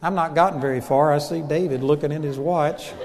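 A Texan man preaching in a storytelling way, his voice sitting high for a man. He swings from loud, forceful lines to soft asides, and the sound rings out in a large church hall with a long reverb. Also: steady tone, a little fast. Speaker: pastor. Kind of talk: sermon.

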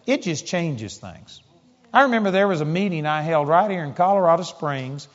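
A man preaching a sermon, telling a story in an emphatic, conversational way. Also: on the high side. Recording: dull audio in a large hall with long reverb.

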